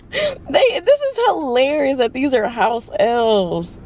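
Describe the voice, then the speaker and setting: Brief: young woman, book vlogger, hyped and slangy, laughs a lot, slightly high voice. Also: wildly swooping pitch, slow pace, darkish tone. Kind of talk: casual reaction chat. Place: public place.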